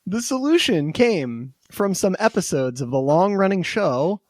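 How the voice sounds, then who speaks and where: A man hosting a podcast, telling a story in a casual, animated way and laughing easily. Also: sits high, measured pace, no echo, clean studio sound.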